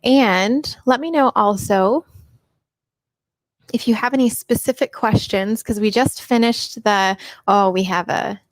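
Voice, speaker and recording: A woman's voice: medium pitch, a little slow, dry recording, studio quality. Chatty upbeat woman hosting a live stream. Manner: chatty and upbeat, greets viewers by name. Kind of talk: casual live Q&A chat. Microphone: personal microphone.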